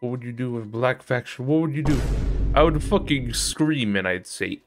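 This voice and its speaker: A man's voice: medium pitch, lively intonation, moderate pace, faint music behind. A man streaming a shooter game, swearing and complaining about his health as enemies kill him. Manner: frustrated, swearing, yelling at the game. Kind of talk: casual gameplay commentary.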